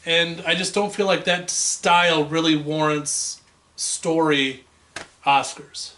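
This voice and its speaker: A man's voice: a little high, flat delivery, takes it slowly, pushed and bright, a little hiss or hum. A man co-hosting a casual movie podcast, rambling and laid-back, a bit tipsy. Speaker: podcast co-host.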